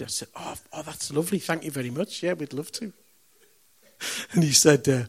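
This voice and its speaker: Slow-paced preacher man. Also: on the high side, animated, husky. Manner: conversational storyteller, swings from loud punchy lines to hushed reverent moments. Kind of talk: sermon with storytelling.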